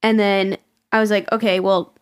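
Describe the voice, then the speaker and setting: A woman's voice: mid-range voice, little pitch movement, normal speed. Chatty young woman telling a story. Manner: chatty storytelling, frequent swearing and laughing. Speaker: podcast co-host. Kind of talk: casual chat.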